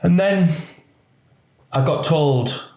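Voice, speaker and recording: A former police officer, speaking candidly in an interview, his story halting and emotional with many restarts. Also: fairly high pitch, darkish tone. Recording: roomy echo.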